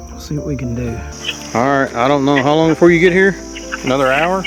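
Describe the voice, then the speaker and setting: A man's voice: on the high side, brisk. Man, folksy outdoor vlogger, out in the woods with music under him. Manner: folksy, chatty, talks to viewers as y'all. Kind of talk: casual camping vlog narration.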